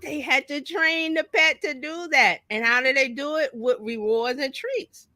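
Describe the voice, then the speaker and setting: On a talk show, a woman marketing coach speaks casually in a lively, folksy way, acting out little quoted voices as she explains. Her voice is high-pitched, her pace measured, and there's no echo.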